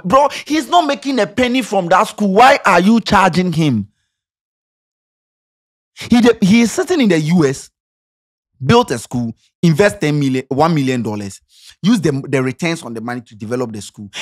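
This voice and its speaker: A man with a Ghanaian accent delivers an impassioned commentary rant. His voice sits a little high and leaps around with lively swings. He jabs with sarcasm and rhetorical questions. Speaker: commentary vlogger. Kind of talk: opinionated social commentary.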